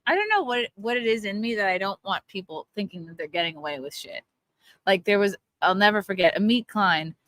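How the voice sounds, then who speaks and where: A woman's voice: medium pitch, lively intonation, brisk, a bit bright, no echo. A woman casually chatting and telling crude stories with lots of laughter. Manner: crude storytelling, laughs often. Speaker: livestream co-host. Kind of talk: casual chat. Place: outdoors by a pool.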